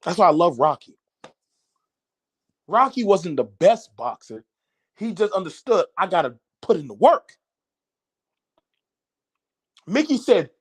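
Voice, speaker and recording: A man hosting a podcast, ranting loudly in a profane, mocking monologue with an American accent. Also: sits high, normal speed, long pauses, breathy edge. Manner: loud, animated, cursing, mocking. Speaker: podcast host.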